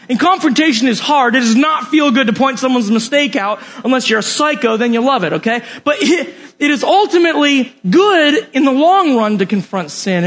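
A man's voice: very high-pitched, a bit bright. A man preaching a sermon in a casual, joking way, talking straight to his listeners.

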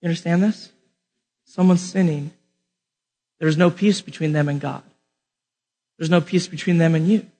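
A man's voice: a little high, fairly even intonation, normal speed, long pauses, warm tone. A man preaching a sermon in a casual, joking way, talking straight to his listeners.

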